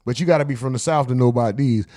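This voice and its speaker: A man's voice: mid-range voice, rapid-fire, warm tone, dry recording, studio quality. A man from the American South hosting a casual livestream sign-off, reading chat comments aloud in a laid-back, profane way. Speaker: livestream host.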